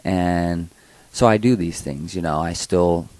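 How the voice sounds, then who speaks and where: A man's voice: sits low, measured pace, darkish tone, dry recording, poor audio. A man co-hosting a comedy podcast, telling a personal story in a rambling, hesitant way with lots of fillers. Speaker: podcast co-host. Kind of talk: casual storytelling chat.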